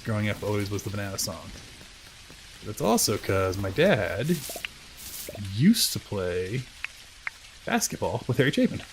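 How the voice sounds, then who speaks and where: A man's voice: lowish voice, background noise. A man chatting casually while live-streaming a video game, rambling through asides and poking fun at himself. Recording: game music playing clearly behind.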